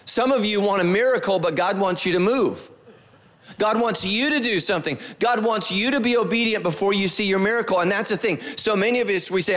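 A man's voice: sits high, a little fast, fairly bright tone, big-room sound. A male pastor giving a conversational sermon, repeating phrases and asking the congregation questions. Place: church sanctuary.

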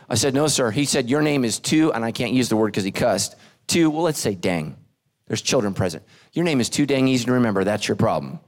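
A middle-aged man preaching a sermon with animated delivery, acting out quotes in shifting voices. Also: a little high, fast. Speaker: pastor.

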